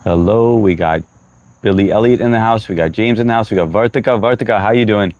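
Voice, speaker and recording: A young man from the US chats casually on a livestream, his voice sitting a bit low and recorded dry and close. He greets each viewer by name, slips in a few Hindi phrases, and admits he is running short on sleep. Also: brisk, darkish tone, dry recording, highs cut off. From United States. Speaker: livestream host.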